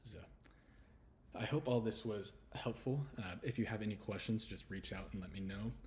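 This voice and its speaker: A man with a Texan accent and a very low voice walks through English letter sounds, repeating each one slowly in a relaxed, chatty way. A faint background hum sits under his voice. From Texas. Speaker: English pronunciation teacher. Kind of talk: casual pronunciation lesson.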